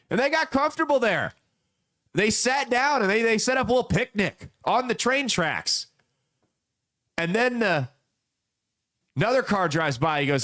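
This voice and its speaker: A young adult man with a fairly high voice delivers casual political commentary as a podcast host. He spins folksy parables and drives his points home with blunt, emphatic repetition. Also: expressive, moderate pace, pauses often, sharp tone.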